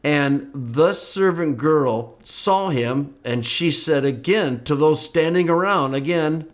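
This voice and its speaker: Man explaining scripture, lively teacher. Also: slow. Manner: lively, voices the quoted speakers with rising pitch. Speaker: Bible teacher. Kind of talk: explanatory lecture.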